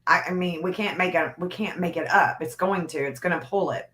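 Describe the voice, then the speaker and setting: A woman's voice: fairly low pitch, fairly quick, a bit bright. A woman guest talking hesitantly about mapping missing-person cases, repeating words as she starts. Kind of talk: casual chat.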